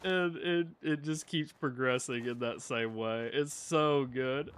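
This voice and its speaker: A man's voice: on the high side, a little slow, hardly any pauses, a bit bright, clean tone. A man live-streaming a video game, chatting casually, swearing freely and laughing as he tells rambling stories. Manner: profane, rambling, laughs while telling stories.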